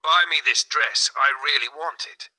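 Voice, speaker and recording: A man voicing a shrill, demanding young wife. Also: a little slow, sharp tone, low-quality recording. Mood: pleading. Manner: pleading, then shrill and accusing.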